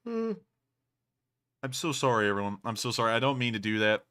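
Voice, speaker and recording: Tired, bright-voiced man hosting a livestream. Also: mid-range voice, sing-song, a little fast, clean tone. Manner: drawling, tired, apologetic between answers. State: exhausted, yawning. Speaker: livestream host. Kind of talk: casual livestream commentary.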